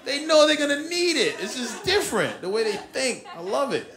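Animated stand-up comic, lively high voice. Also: male voice, fairly quick, crowd noise. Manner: animated, profane storytelling with acted-out voices. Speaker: stand-up comedian. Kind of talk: stand-up comedy routine. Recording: live club recording with audience noise. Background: audience laughter.

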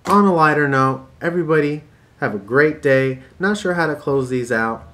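A man's voice: a little high, expressive, normal speed, fairly bright tone, slight background noise. Exasperated ranting man. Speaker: vlogger. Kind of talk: casual vlog rant.

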